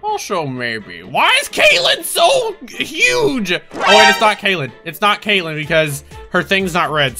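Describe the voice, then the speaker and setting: Young adult gamer, live commentary, lively swooping pitch, yelps and repeats, game music behind. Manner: panicky, yelping, rapid-fire repeats. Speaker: gaming video creator.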